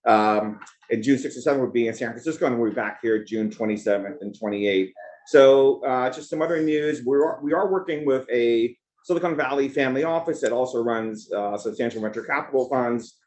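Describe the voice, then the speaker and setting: A man opening an investor gathering with loose, conversational remarks that wander from one aside to the next. His voice sits at a middle pitch and keeps an easygoing, chatty flow. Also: brisk, a little mellow. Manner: rambling, conversational, jumps between asides. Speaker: event host and organizer. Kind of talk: opening remarks at a business event.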